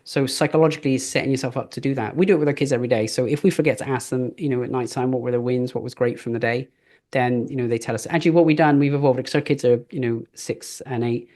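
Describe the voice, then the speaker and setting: A man's voice: mid-range voice, steady tone, fast talker, darkish tone. A middle-aged man giving a live business coaching session, casual and chatty, telling stories with fillers. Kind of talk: live training talk.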